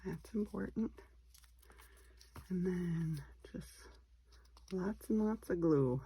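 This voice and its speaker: A woman with a low voice walks through a craft project at an unhurried pace. She chats as she works and thinks aloud. She is relaxed about her own slip-ups. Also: husky. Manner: chatty, thinking aloud while working, self-deprecating. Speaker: craft tutorial host. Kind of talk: casual step-by-step craft demonstration.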